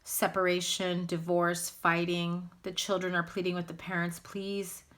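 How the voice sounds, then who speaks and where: A woman's voice: on the low side, completely flat delivery, moderate pace, a bit bright. A woman giving a casual spoken tarot reading to her viewers, blunt and candid, speaking straight out. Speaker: tarot reader.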